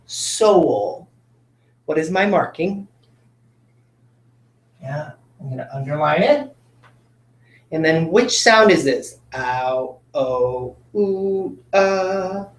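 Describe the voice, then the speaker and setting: A man's voice: on the high side, expressive, very slow, pauses often, echoey room. A male teacher giving a patient phonics lesson to children, coaxing them along with tag questions.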